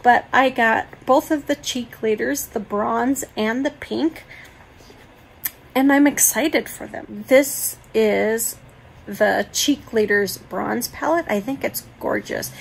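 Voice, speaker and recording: Slow, gravelly-voiced woman vlogger. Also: a little high, slight background noise, poor audio. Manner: chatty, gushing over products. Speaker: beauty vlogger. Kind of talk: casual makeup collection walkthrough.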